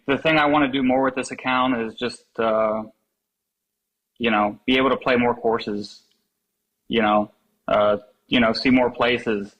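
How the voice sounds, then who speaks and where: Husky-voiced man telling golf stories. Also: medium pitch, fairly bright tone, rough recording. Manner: rambling storyteller, laughs often. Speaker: podcast guest. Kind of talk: casual chat.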